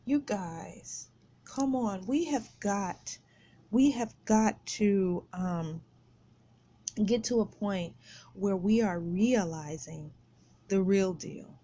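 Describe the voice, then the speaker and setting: A woman's voice: mid-range voice, slow pace, warm tone. A middle-aged woman hosting a podcast, talking through a personal story and a faith lesson with emphatic repetition. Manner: emphatic, repeats phrases. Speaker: podcast host. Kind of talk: casual faith talk.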